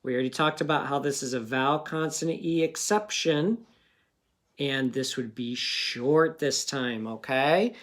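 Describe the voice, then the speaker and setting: Give me a patient male teacher slowly sounding out words in a phonics lesson for young children. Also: mid-range voice, a bit bright. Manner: slow, patient, sounding out words and asking questions.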